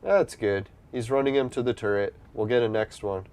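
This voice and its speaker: Speaking at a normal speed, he has a fairly low pitch and a clean, darkish tone. He's a gameplay streamer casually commenting on an online game, rambling, cursing freely and staying easygoing, with a slightly blocked nose from allergies.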